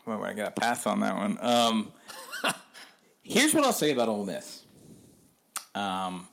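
Low-voiced candid man reporter. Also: wildly swooping pitch, measured pace, vocal fry, fairly bright tone. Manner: candid, conversational, rambling with frequent ums. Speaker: sports reporter. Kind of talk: casual podcast interview.

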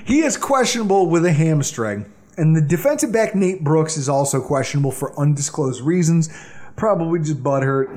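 A man hosting a sports podcast, running through the game preview with animated, dramatic delivery. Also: fairly high pitch, moderate pace. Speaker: podcast host. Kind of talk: excited sports podcast banter.

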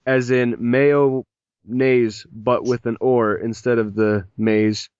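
A man's voice: medium pitch, steady tone, takes it slowly, a little mellow, clear, resonant tone, no room sound. A man hosting a casual podcast, rambling and joking as he reads listener messages aloud, and he has a mild migraine. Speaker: podcast host. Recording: dull lo-fi podcast audio, dry.

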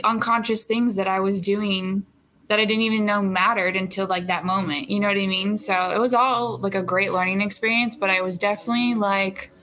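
A young actress chatting in an interview, animated and full of fillers and laughs. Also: female voice, mid-range voice, a little hiss or hum, low-quality recording. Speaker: actress guest. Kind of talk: casual interview chat.

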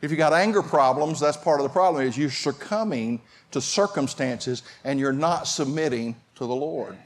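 A pastor preaching a sermon, talking conversationally and calling out to the congregation. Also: male voice, fairly high pitch, normal speed. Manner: conversational preaching with audience call-outs.

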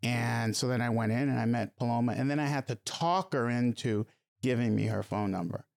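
A middle-aged man telling a story as a podcast guest, halting and repeating words as he goes. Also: medium pitch, vocal fry, a little mellow. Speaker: podcast guest, host's stepfather. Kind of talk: casual storytelling.

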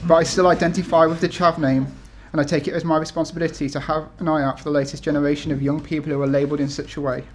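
Hesitant man in his thirties, slightly high voice. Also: flat delivery, rapid-fire, hardly any pauses, slight background noise. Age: 30s. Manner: hesitant, many ums and restarts. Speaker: author reading at a talk. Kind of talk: casual talk then reading aloud from his essays. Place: event room with an audience.

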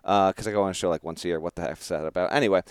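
A man's voice: sits low, fairly even intonation, rapid-fire, clean tone, dry recording, studio quality. A man hosting a podcast, telling a story in a casual, rambling way and laughing at himself. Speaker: podcast host.

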